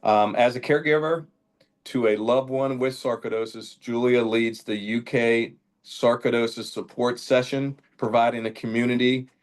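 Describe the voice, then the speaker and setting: A man hosting a foundation's speaker series, giving a hesitant, formal introduction with many fillers. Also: mid-range voice. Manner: hesitant, many fillers, reads a prepared bio.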